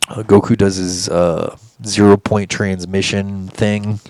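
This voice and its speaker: A man's voice: lowish voice, flat delivery, slow pace, darkish tone, no room sound. A man telling a story in a casual monologue, rambling and intense, swearing often. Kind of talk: casual monologue recounting an encounter.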